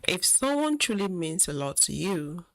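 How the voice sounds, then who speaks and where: A woman host giving earnest, reflective commentary in a deliberate way. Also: on the low side, sing-song, vocal fry, dry recording, rough recording. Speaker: channel host.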